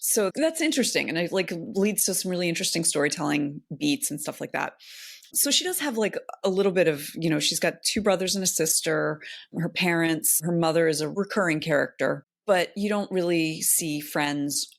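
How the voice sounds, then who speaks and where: A woman's voice: low voice, animated, normal speed, vocal fry. A woman co-hosting a podcast, talking through her thoughts in a loose, rambling way with many fillers and restarts. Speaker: podcast co-host. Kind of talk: casual chat.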